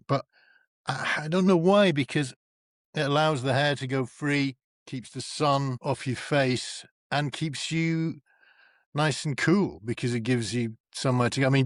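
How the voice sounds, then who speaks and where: A man, a podcast guest, chatting casually and telling animated stories that act out other people's lines. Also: medium pitch, dry recording, studio quality. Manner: animated storyteller, acts out quoted voices. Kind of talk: casual chat.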